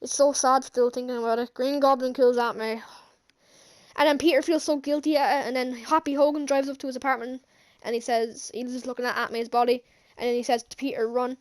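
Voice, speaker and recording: A woman giving an excited, rambling movie recap as a vlogger, gushing, with lots of fillers and restarts. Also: high-pitched, brisk.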